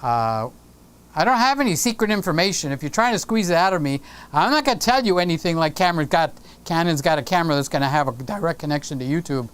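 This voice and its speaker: A man's voice: a little high, animated, quick pace, a bit bright, clear, resonant tone. A man hosting a casual live stream from his home studio, playfully teasing viewers and greeting them by name.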